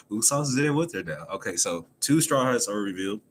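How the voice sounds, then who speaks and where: A man streaming a casual chapter recap from home, animated and laughing often as he acts out the characters. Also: on the low side, moderate pace, slight background noise. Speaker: anime chapter reviewer, streamer. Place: home room.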